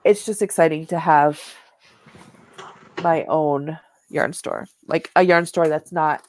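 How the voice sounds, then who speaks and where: A woman's voice: sits low, steady tone, takes it slowly, slight background noise. A woman co-hosting a knitting show, chatting casually and showing yarn and fabric to the camera, rambling with many "like"s and "um"s.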